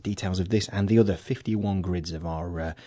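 A man's voice: low-pitched, steady tone, a little fast, mellow. A man with an English accent co-hosting a local radio show, chatting and teasing his partner with lots of fillers. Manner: joking, teasing, with frequent fillers.

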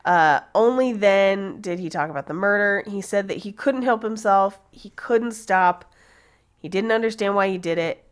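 A woman's voice: medium pitch, normal speed, smooth. A woman podcast host telling a true-crime story in a casual, chatty way, laughing and swearing now and then.

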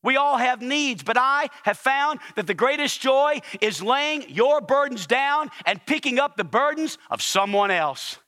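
A male pastor preaching a sermon at a church service, emphatic and repetitive, building phrases up to near-shouts. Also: extremely high pitch, lively intonation, a little slow, few pauses.

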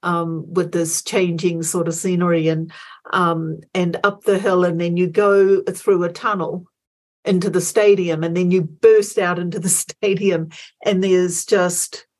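Slow, hesitant middle-aged woman. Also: on the low side, steady tone, a little mellow. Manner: hesitant, many fillers and restarts, acts out inner dialogue. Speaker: guest, former Olympic marathon runner. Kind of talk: interview storytelling.

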